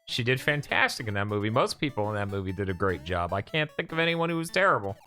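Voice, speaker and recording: Animated, bright-voiced joking gamer man. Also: lowish voice, quick pace. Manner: joking, animated, reads chat aloud, laughs often. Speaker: co-host of a gaming stream. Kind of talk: casual chat over gameplay. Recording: game music underneath.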